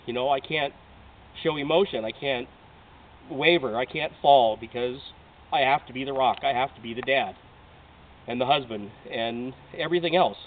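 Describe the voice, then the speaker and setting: A man's voice: medium pitch, normal speed, distant mic. A man in his late thirties from Oregon, pleading earnestly and emotionally in a heartfelt audition video. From Oregon, United States. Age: 30s. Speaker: reality show applicant. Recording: tinny lo-fi audio from off-mic, faint hiss.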